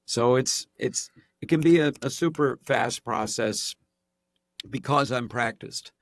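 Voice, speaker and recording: A middle-aged man from Southern California, a guest actor and impressionist, telling stories in a lively casual podcast chat and often restarting his sentences. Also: mid-range voice, a little slow, no room sound.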